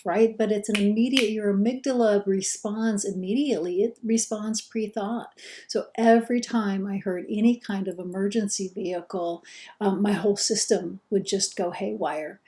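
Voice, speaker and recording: A middle-aged woman lectures in a warm, mellow voice. She talks earnestly and conversationally, and often backs up to restart a phrase. Her pitch sits at a middling height for a woman. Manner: earnest, conversational, self-correcting. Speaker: instructor. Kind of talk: recorded course lecture.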